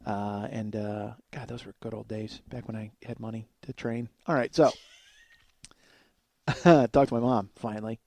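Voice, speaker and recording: A man's voice: lowish voice, fairly even intonation, unhurried, a little mellow. A man in his forties telling stories in a comedic monologue, rambling with frequent fillers and chuckling as he goes. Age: 40s. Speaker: podcast host.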